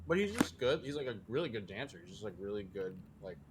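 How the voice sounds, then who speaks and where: A man's voice: fairly low pitch, sing-song, fast, very noisy. A young man chatting playfully on a voice call with friends. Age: young adult. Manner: playful, laughs easily. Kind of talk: casual chat on a voice call.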